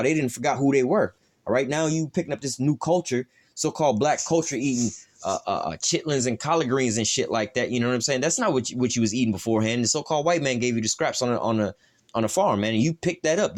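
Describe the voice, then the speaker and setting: Reading scripture aloud, a Bible teacher explains it in loose street talk, swearing freely and leaning on "all right" and "you know" to move his points along. His voice sits at a middle male pitch, with fast pacing and lively intonation in this informal teaching.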